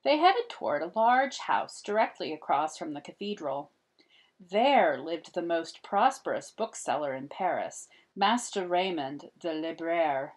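A woman reading a children's picture book aloud as an expressive storyteller. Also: lowish voice, measured pace. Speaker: storybook reader.

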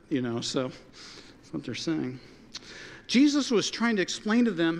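Animated preaching man in a reverberant hall. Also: high-pitched, moderate pace. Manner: animated, conversational preaching with quoted dialogue. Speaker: pastor. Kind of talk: sermon. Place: church sanctuary.

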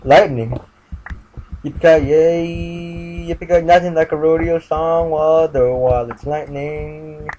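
A gamer with a warm, steady, high-ish voice talks a little slowly, barely pausing, as he gives casual gameplay commentary. He mutters to himself and chants sing-song refrains, captured on a dull lo-fi mic with light noise.

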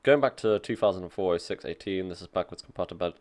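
A man with a low voice reads a technical article aloud and reacts as he goes. His remarks are casual and dry, mixing quick asides with plain reading. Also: darkish tone. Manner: reads aloud and comments offhandedly, dry jokes. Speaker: tech streamer reacting to an article.

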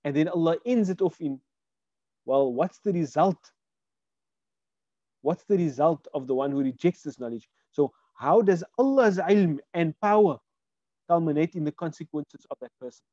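A man's voice: on the high side, expressive, moderate pace, warm tone, no room sound, dull audio. A man teaching a Quran Arabic lesson online, explaining word by word and asking his students questions. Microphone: video call.

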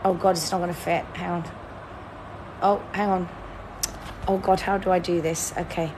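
A woman's voice: on the low side, little pitch movement, moderate pace, background noise. A woman, hosting a live-stream word-guessing game in a chatty, teasing, playfully dramatic way. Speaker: livestream host.

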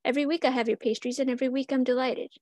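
A woman's voice: high-pitched, fairly even intonation, racing, a little mellow, no echo, clean studio sound. A woman voicing an eager four-year-old girl who speaks earnestly in rhymed verse.

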